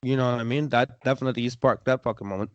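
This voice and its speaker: A man's voice: medium pitch, fairly even intonation, dry recording, lo-fi sound. A man co-hosting a casual podcast chat, losing his voice and often stumbling over restarts. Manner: repeats himself, halting restarts. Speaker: podcast co-host.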